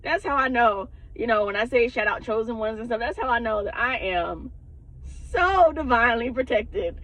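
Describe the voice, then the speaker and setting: A woman's voice: a little high, moderate pace, a bit bright, low-quality recording. A woman who works as a spiritual advisor, telling a personal story in a casual vlog, candid and heavy on the cursing. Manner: profane, candid, laughs often.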